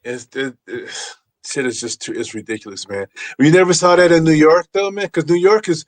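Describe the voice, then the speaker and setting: A man's voice: fairly high pitch, fairly quick. A man hosting a casual talk show, telling anecdotes loosely, laughing and acting out quotes. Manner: loose, laughing storyteller who acts out quotes. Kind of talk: casual chat.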